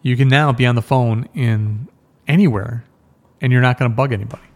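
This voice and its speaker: A man's voice: medium pitch, a little fast, a little mellow. Rambling casual male podcast host. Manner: rambling, swears, laughs at himself. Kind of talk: casual chat.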